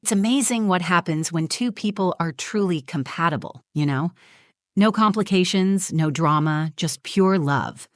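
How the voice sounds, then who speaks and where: Read by a woman narrator, a self-satisfied bride-to-be lectures her friend condescendingly, sounding smug and preachy. Her voice sits fairly low for a woman and sounds natural, at normal speed, dry and close-miked with no surrounding room.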